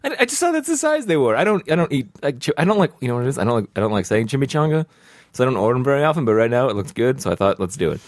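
A man's voice: medium pitch, very animated, very fast, no room sound, studio quality. A man chatting casually over lunch, rambling and stammering as he jokes about his order. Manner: rambling, stammering, self-mocking.

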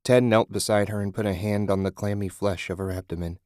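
A man reading a horror audiobook in a measured, grim, descriptive narration. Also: fairly low pitch, steady tone, darkish tone, no room sound, studio quality.

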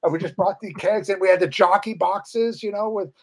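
A middle-aged man with a notably high speaking voice spins loose, profane stories from the old days. He rambles freely in casual chat. He slips into other people's voices whenever he quotes them. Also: fairly quick, a little mellow, slightly rough. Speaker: guest, former metal band guitarist.

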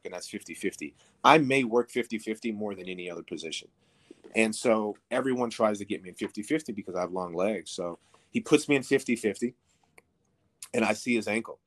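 Low-voiced man telling a story, profane. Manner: profane, rambling, filler-heavy. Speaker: podcast guest. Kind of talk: casual storytelling.

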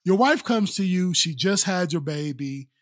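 A man co-hosting a podcast, chatting casually and telling animated, laughing stories. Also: high-pitched, moderate pace. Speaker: podcast co-host.

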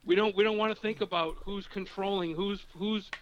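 A man's voice: high voice, fairly even intonation, a bit bright, highs cut off, slight background noise. A man calling in as a guest on a casual chat podcast, rambling and restarting his sentences. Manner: rambling, halting with many restarts. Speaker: guest caller.

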